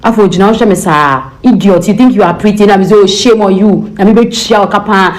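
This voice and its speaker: A young Ghanaian woman telling a personal story in an animated way, mixing in pidgin and acting out the dialogue. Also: mid-range voice, fairly quick, low-quality recording. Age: young adult.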